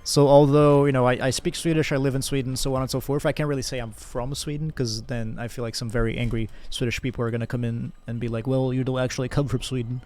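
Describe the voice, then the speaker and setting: A man's voice: mid-range voice, quick pace, hardly any pauses. Chill young guy streaming games, rambles to chat, thanks everyone, medium voice. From Brazil. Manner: relaxed, rambling, thanks chat by name, frequent laughs and fillers. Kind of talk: casual live-stream chat with viewers.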